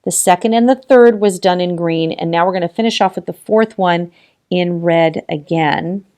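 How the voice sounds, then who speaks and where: A woman's voice: fairly low pitch, vocal fry, darkish tone. A woman hosting a casual crochet tutorial, talking through each step, counting stitches aloud and encouraging viewers with frequent laughs.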